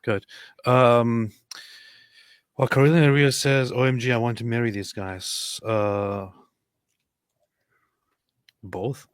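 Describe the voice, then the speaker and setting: A man hosting a casual livestream, chatting loosely and reading viewer comments aloud in a relaxed, joking way. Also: mid-range voice, slow, pauses often, clear, resonant tone, dry recording, studio quality. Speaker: host.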